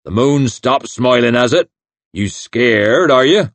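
A man's voice: medium pitch, lively intonation, takes it slowly, no room sound, pitched above the performer's own voice. A man voicing a boisterous, boastful fat hillman chieftain who taunts and roars. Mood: taunting. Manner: loud, taunting, blustering.

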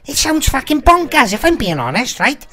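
A woman's voice: high-pitched, big pitch swings, moderate pace, pushed and bright. A woman with a Welsh accent trash-talking in online game voice chat with crude, rambling insults.

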